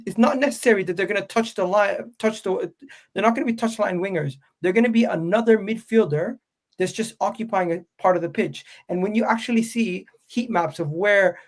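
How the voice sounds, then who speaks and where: Insistent North American man, high voice. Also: brisk. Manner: insistent, stammers and repeats himself when arguing. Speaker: football podcast host. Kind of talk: heated football debate.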